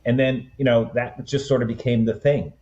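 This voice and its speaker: A man in his sixties, a guest in an interview, tells his family story in a relaxed, rambling way with many "um"s and "you know"s. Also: mid-range voice, normal speed, lo-fi sound. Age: 60s. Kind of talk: conversational storytelling.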